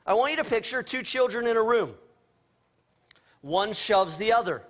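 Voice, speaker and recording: A man with a notably high-pitched voice, preaching a church sermon. He talks in a loose, conversational way and tells everyday stories with a playful, joking touch. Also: animated, moderate pace, a bit bright. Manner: conversational storytelling with playful humor. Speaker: pastor. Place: church sanctuary.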